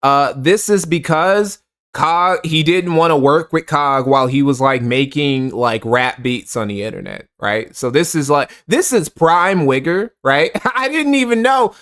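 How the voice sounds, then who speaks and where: A man with a somewhat high voice doing casual stream commentary. He mocks what he watches, laughs often and strings his sentences with "like". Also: expressive, unhurried, a bit bright. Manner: mocking, laughing, heavy use of "like". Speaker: streamer reacting to a video.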